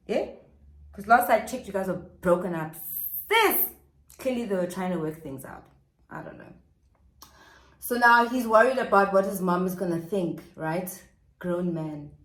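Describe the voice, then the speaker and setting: A young woman telling a scandalous story in a vlog, sassy and animated, acting out the quotes. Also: medium pitch. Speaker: vlogger. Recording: roomy echo.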